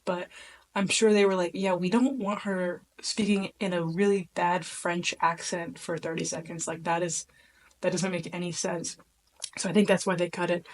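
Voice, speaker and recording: A woman talking casually and alone, recapping her time on a reality competition in a chatty, animated way with many fillers. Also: on the low side. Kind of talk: casual solo talk.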